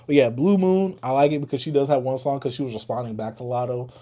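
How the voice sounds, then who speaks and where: A young man co-hosting a casual podcast, animated and opinionated, and he laughs often. His voice is mellow and dark in tone, at a middling pitch. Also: fast. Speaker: podcast co-host. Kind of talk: casual chat.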